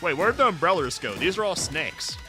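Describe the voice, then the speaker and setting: A man streaming a story game, reacting to the scenes in a profane, mock-exasperated way and yelling at the characters. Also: on the high side, sing-song, normal speed, over music. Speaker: VTuber streamer.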